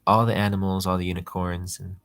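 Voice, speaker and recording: A man's voice: deep voice, level tone, brisk. A man giving a rambling, conversational lesson on religious texts, full of casual fillers. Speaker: Torah teacher.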